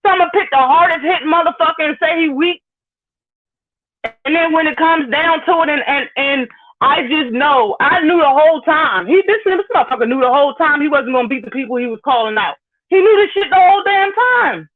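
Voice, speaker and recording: Speaking a little fast in a high register, this woman runs a live stream, greeting chat viewers between blunt, profane rants. The heated tirade comes through in phone-quality lo-fi sound.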